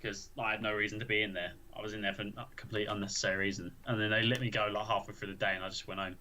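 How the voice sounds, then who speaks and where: A man's voice: on the low side, little pitch movement, very fast, bright, forceful tone, slight background noise. A young man, telling a school story in casual chat, rambling with frequent restarts and swearing. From England. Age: young adult. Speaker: podcast co-host.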